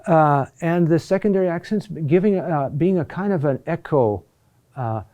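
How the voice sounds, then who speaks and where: A middle-aged man teaching a recorded lesson, speaking in a halting way with many fillers and restarts. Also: on the high side, warm tone. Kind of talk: recorded lesson on Latin chant accentuation.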